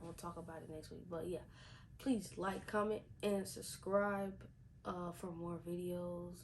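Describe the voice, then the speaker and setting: A woman's voice: fairly low pitch, steady tone, a little slow, darkish tone, slight background noise, poor audio. A woman reviewing a TV episode in a casual vlog, chatty, repeating herself with lots of fillers. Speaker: TV show reviewer.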